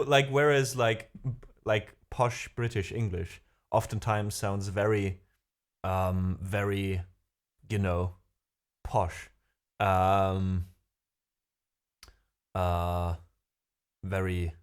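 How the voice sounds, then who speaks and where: A young man hosting a livestream, chatting with viewers in a rambling, hesitant way with many fillers. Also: low-pitched. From Germany. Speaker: livestream host. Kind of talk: casual chat with viewers. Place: home room.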